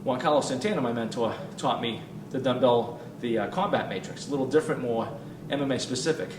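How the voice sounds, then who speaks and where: A man demonstrating warm-up drills as a fitness coach, talking with energy and counting reps as he exercises, sometimes out of breath. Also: mid-range voice, fast. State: out of breath at times. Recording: roomy, distant mic with ambient noise.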